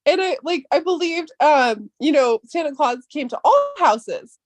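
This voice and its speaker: Woman, 30s, high voice, dry close sound, casual podcast chat, profane rambling stories. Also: lively intonation, a little slow, dry recording.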